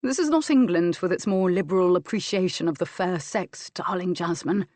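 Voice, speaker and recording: A woman's voice: fairly low pitch, moderate pace, dark tone, no echo, lightly acted. A woman reading as a stern Scottish earl. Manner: firm, scolding, then teasing. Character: Scottish earl, stern but fond husband.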